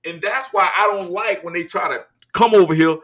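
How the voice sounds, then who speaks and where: A man's voice: sits high, fairly quick, a bit bright. A man from the United States hosting casual commentary on video clips, chatty and loose, talking to viewers as y'all. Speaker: host.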